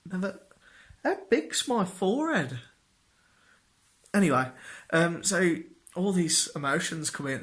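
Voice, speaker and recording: Slow-talking, bright-voiced man. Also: on the high side. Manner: self-deprecating, jokey, acts out quotes in raised voices. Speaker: vlogger. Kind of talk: personal storytelling to camera.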